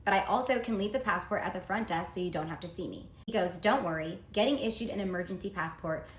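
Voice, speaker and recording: A woman's voice: lowish voice, fast. Woman telling a story in a roomy space. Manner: earnest, reads out text messages, confiding. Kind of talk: casual storytime monologue. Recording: roomy echo, faint background noise.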